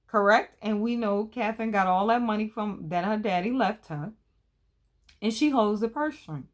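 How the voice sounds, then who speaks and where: A woman in her thirties talks through a TV drama episode in a loose, colloquial manner. She sounds chatty and opinionated, with a voice sitting at an ordinary middle pitch for a woman. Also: moderate pace. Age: 30s. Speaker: TV episode recap host. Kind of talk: casual recap chat.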